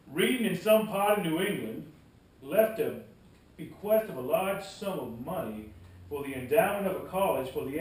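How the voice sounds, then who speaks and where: A man's voice: fairly high pitch, darkish tone, recorded from a distance, voice pushed up, lightly acted. A man putting on an American Southern accent to read out an old document as a formal nineteenth-century Southern chronicler, in an echoey room away from the mic. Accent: American Southern, put on.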